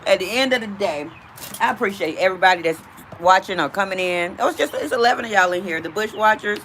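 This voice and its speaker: A woman's voice: medium pitch, quick pace, fairly bright tone, slight background noise. A woman hosting a casual livestream from outdoors, chatting directly with her viewers. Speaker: livestream host.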